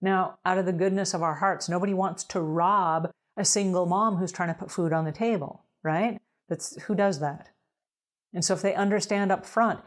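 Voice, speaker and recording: A woman's voice: lowish voice, fairly even intonation, normal speed. Direct, emphatic woman coaching cleaners. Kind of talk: advice talk to camera.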